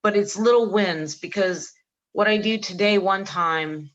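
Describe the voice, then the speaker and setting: A woman's voice: mid-range voice, a little slow, dull audio. A middle-aged woman co-hosting a casual podcast, telling stories with animation, acting out both sides of conversations and laughing often. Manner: animated storyteller acting out dialogue; laughs often mid-sentence. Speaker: podcast co-host.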